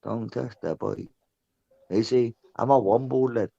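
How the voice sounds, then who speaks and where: A man with a mid-range, gravelly, warm voice chats at a measured pace on a voice-chat show, the audio dull and lo-fi. His rowdy, casual talk rambles and swears, with nearly every phrase ending in "lad" or "mate."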